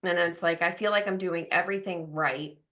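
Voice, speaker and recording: A podcast host in her forties talks in a loose, chatty way, with lots of fillers as she goes. Her voice is bright and forward but sits a little low for a woman. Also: steady tone, fairly quick. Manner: open, chatty, full of fillers. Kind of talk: casual chat.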